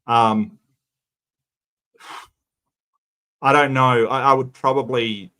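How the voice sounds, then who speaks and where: An Australian man hosting a casual livestream commentary, easygoing and halting, often stammering and repeating words. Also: mid-range voice, fairly even intonation, bright, forceful tone. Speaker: commentary host.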